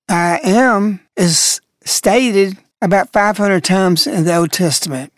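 Slow, measured woman narrating devotion. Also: medium pitch, expressive, no room sound, studio quality. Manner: measured, reflective reading.

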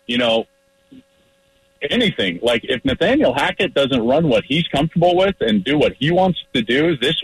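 Fired-up husky man calling in from his car. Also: a little high, a bit bright, dry recording, low-quality recording. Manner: emphatic, fired-up, blunt. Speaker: football analyst guest. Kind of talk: sports radio call-in.

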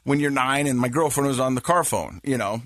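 A man in his forties hosting a casual podcast chat, telling stories with a lively, laughing manner. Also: medium pitch, a little fast, dry recording, clean studio sound. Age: 40s. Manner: animated storytelling, laughs often. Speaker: podcast host.

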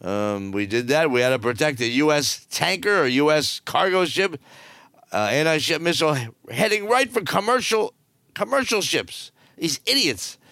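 A man's voice: medium pitch, a bit bright, clear, resonant tone, no room sound, studio quality. An older man hosting a cruise news show, giving blunt, rambling and jokey commentary full of fillers.

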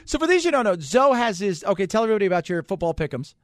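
A man hosting a talk radio show, chatting casually, animated and jokey, repeating himself for emphasis. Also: sits high, very fast, dry recording, clean studio sound.

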